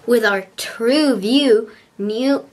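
A woman's voice: on the high side, extremely slow, slight background noise. A young woman vlogging from inside a parked car, talking casually, gushing and rambling, into a handheld compact camera. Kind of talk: casual vlog chat.

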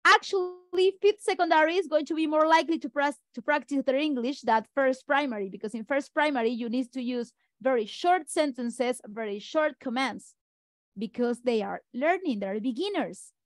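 High-voiced woman, teaching. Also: no room sound. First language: Spanish. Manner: brisk, speaks fast, addresses colleagues directly. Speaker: teacher trainer. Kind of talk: online teacher-training lecture.

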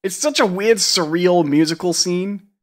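A man's voice: high-pitched, unhurried. A man co-hosting a podcast, casually and wryly discussing a movie. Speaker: podcast co-host.

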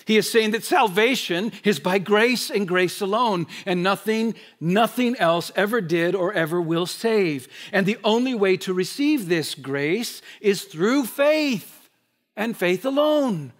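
High-voiced man preaching with fire. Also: expressive, measured pace. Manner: impassioned preaching, swinging between loud emphasis and quiet asides. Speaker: pastor. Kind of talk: sermon. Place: church sanctuary.

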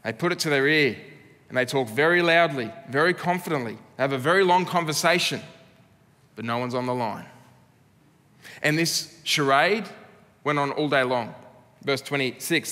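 A man's voice: mid-range voice, normal speed, pauses often, sharp tone. An Australian man preaching a sermon as pastor, earnest and laced with dry humour. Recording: long reverb of a church hall.

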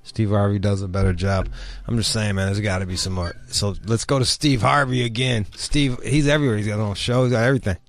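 A man's voice: fairly low pitch, steady tone, fast, few pauses. A man hosting a comedy talk show, riffing bluntly and swearing constantly. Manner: blunt, swears constantly, riffs with mock voices. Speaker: podcast host. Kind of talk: profane comedic commentary.

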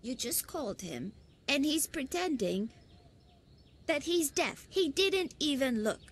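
A scolding old cartoon grandmother who speaks slowly with a lively, rising and falling voice. Faint noise sits behind her. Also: sits high, full character voice. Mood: indignant.

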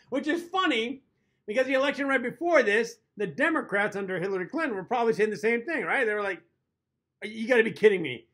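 A man with a fairly high voice talks through a comic monologue as the show's host. He keeps it conversational and chuckles at his own jokes, pausing now and then to toast his drink. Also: animated, fairly bright tone. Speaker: comedy show host. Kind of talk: scripted comedic monologue.

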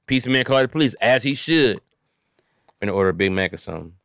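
A man's voice: mid-range voice, animated, quick pace, vocal fry, fairly bright tone, no room sound, clean studio sound. A young man hosting a podcast with a comedian's style, joking and swearing a lot and often switching into silly voices. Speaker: podcast host. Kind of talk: casual comedic chat.

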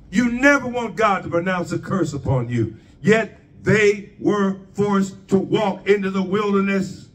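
A man preaching a sermon in a high, unhurried voice, asking rhetorical questions of the congregation. He sounds set back from the microphone. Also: distant mic.

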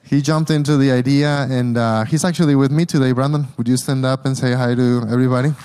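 A man's voice: medium pitch, steady tone, fast, mellow, smooth. A man with a Mexican Spanish accent, a guest speaker telling a church his mission story with slides, earnest and storytelling, often restarting his sentences.

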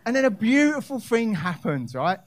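A brash male stand-up comedian spins a long story on a comedy club stage. His voice sits a bit high for a man, and he keeps turning to talk straight to the crowd. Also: big pitch swings, normal speed, a little hiss or hum. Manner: brash, addresses the crowd directly.

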